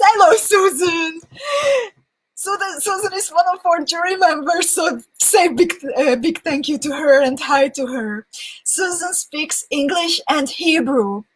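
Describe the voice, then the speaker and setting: A woman's voice: high voice, low-quality recording. A woman hosting a live beading session in a casual, chatty way. She reads viewer comments aloud and often laughs between them. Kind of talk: casual livestream chat.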